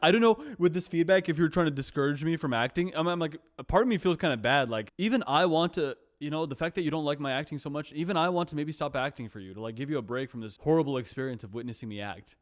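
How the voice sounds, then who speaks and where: A man's voice: a little high, fast talker. A man vlogging in a casual, reflective monologue. He is self-deprecating and repeats himself.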